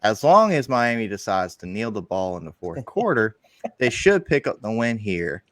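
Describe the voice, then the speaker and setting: A young man co-hosting a sports podcast, giving measured predictions with some restarts. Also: fairly low pitch, very animated, no echo, studio quality. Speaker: podcast co-host. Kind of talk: casual sports analysis.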